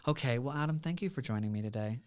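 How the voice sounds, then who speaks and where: A male podcast host with a smooth, resonant voice. He talks in a bold, upbeat, in-your-face way, chatting casually with his guest. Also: mid-range voice, animated, quick pace, a little mellow. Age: adult, a parent. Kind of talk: casual interview chat.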